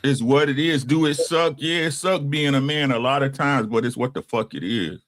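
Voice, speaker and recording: A man's voice: mid-range voice, normal speed, a bit bright. A man in his sixties, co-hosting a casual talk show, speaks bluntly and with a lot of profanity, often tagging his points with "right?". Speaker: podcast co-host.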